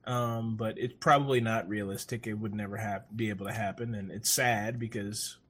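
A man co-hosting a podcast in casual chat, rambling and animated, often swearing. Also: lowish voice, normal speed, breathy edge. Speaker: podcast co-host.

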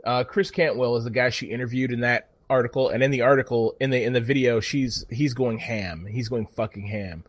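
A man's voice: medium pitch, dry recording. Guy ranting casually, lots of swearing, dead dry sound. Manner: profane, rambling, animated storytelling. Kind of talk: casual chat.

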